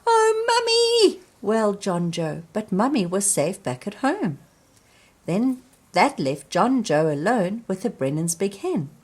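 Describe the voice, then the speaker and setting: Slow, expressive woman reading to children. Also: mid-range voice, husky. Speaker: storybook reader.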